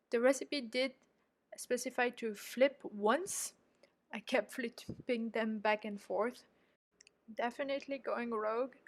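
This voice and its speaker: French woman, slightly high voice. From France. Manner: chatty, explanatory, self-critical. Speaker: home baker and channel host. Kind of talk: casual voice-over narrating her baking.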